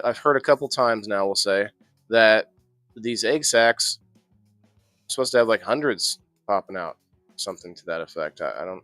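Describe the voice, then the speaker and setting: A man's voice: on the low side, a bit bright, no room sound. A man hosting a casual indoor gardening live stream, chatting loosely with plenty of restarts. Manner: rambling, chatty, frequent restarts and laughs. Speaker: host of an indoor growing show.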